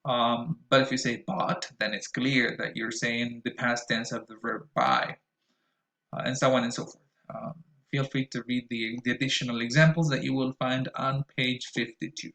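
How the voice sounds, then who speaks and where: Man slowly modeling English vowels. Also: mid-range voice, steady tone, fairly bright tone, reverberant, rough recording. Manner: slow, deliberate, exaggerated vowel modeling with frequent fillers. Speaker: English pronunciation teacher. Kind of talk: recorded pronunciation lesson.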